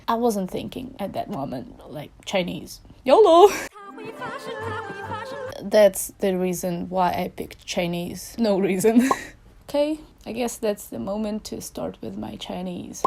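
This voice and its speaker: A woman's voice: mid-range voice, creaky, warm tone. A woman in her twenties with a Russian accent, a Russian native speaker, talking in a playful, self-mocking casual vlog. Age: 20s. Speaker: vlogger.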